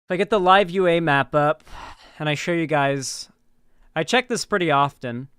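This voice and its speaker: A man's voice: fairly high pitch, moderate pace, fairly bright tone, smooth, no echo, clean studio sound. Rambling male livestream commentator. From Florida, US. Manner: rambling, full of "like" and restarts, talks to chat.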